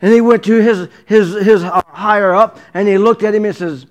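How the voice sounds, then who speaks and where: A man with a fairly high voice preaches in a storytelling sermon style, acting out the dialogue of the scene. He talks in bursts with frequent restarts and repeated words. At times he sinks to a hushed, low delivery. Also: steady tone, moderate pace, few pauses. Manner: dramatic retelling with acted dialogue, frequent restarts.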